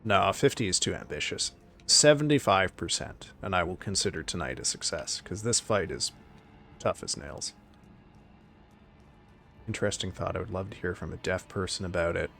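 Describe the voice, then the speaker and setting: A man's voice: low-pitched, expressive, normal speed, gravelly, sharp tone, slight background noise. A Canadian man chatting casually with his stream chat while playing a game, wry and prone to joking swears. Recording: game music playing behind.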